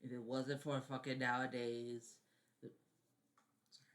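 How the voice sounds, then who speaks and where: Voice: medium pitch, little pitch movement, unhurried, a bit bright. A vlogger ranting casually about favorite films, rambling, repeating words, swearing and often apologizing. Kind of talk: casual film-review vlog.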